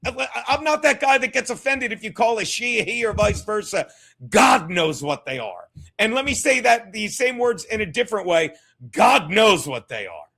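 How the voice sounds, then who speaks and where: A man hosting a live stream, ranting profanely and mockingly, repeating himself and breaking into shouts. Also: extremely high pitch, gravelly. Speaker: streamer host.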